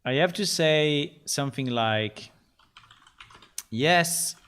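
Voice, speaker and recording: Male game developer on a live coding stream: slow and halting, repeats himself, mid-range pitch. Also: expressive. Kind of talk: casual livestream talk while coding.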